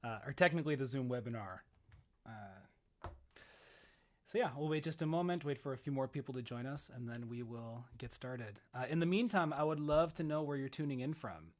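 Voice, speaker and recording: A man's voice: medium pitch, normal speed. Upstate New York man hosting a live webinar, friendly and chatty, heard through a video call. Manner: friendly, chatty, reads out chat messages. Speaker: workshop host.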